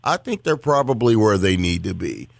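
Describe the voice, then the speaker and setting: Gravelly low-voiced man, blunt co-host. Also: sing-song, normal speed, no room sound. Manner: blunt, dismissive opinions. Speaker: podcast co-host. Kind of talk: casual sports talk.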